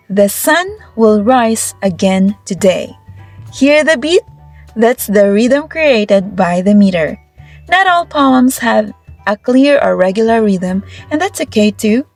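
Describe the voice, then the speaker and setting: Slow, encouraging woman teacher. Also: a little high, darkish tone. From Philippines. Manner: upbeat, encouraging classroom explanation. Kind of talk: recorded video lesson. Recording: faint background music.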